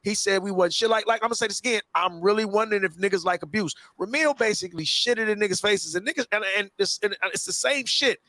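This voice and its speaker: A man's voice: high-pitched, fast talker, few pauses, bright, forceful tone, no echo. A man hosting a podcast, ranting in a profane, emphatic way and repeating himself to hold the floor. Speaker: show host. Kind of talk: casual podcast rant.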